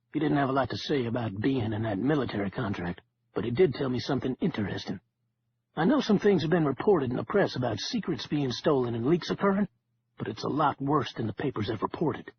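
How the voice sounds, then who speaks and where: A man voicing a gruff, loyal older male friend who talks bluntly and coarsely. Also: mid-range voice. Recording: dull lo-fi with faint hiss.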